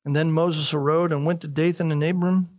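A male preacher with a notably high voice works through a scripture passage verse by verse. He climbs higher and louder to drive points home, then slows and softens for prayerful lines. His delivery is earnest and animated. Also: muffled recording. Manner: emphatic, rising in pitch and force to stress scripture, slowing on key phrases. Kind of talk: expository sermon reading scripture aloud.

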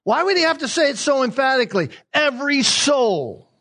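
Pastor, male, high voice, emphatic sermon delivery with repeated phrases and rhetorical questions. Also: lively intonation, fast talker, fairly bright tone.

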